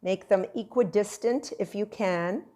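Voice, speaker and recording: A woman's voice: medium pitch, a little slow, mellow. Woman, middle-aged, cooking instructor; playful, encouraging demo patter. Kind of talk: cooking demonstration.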